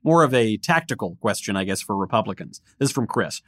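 A man's voice: lowish voice, animated, fairly quick, fairly bright tone, no echo, studio quality. A man hosting a political podcast, bantering with his guest and reading out listener questions in an upbeat way. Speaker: podcast host. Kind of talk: casual political podcast chat.

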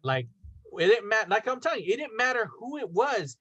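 Young male podcast host, higher voice, animated casual storyteller who swears a lot. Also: fairly quick, breathy edge, no room sound, highs cut off. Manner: animated, swearing, acts out quotes.

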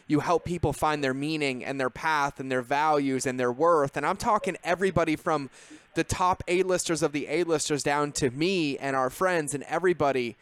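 A man's voice: on the high side, a bit bright. A man hosting a podcast, speaking earnestly in long run-on thoughts as he reflects on his guest's story. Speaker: podcast host. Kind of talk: casual interview chat.

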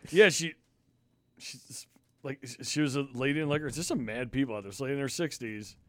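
A man's voice: medium pitch, a little fast, no echo. A man co-hosting a podcast in casual chat, reacting with short exclamations. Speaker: podcast co-host.

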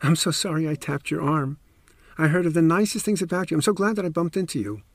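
A man's voice: a little high, fast, no echo, voice pushed up. A man voicing a flustered, chatty middle-aged woman in a told story. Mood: gushing.

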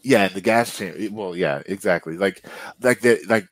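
A man co-hosting a casual movie review podcast, rambling with many fillers and restarts, and getting animated when he is annoyed. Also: sits low, moderate pace. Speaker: podcast co-host.

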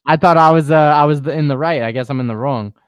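A man's voice: fairly high pitch, fast, smooth, no echo. A young man co-hosting a casual chat, laid-back and self-mocking, laughing a lot.

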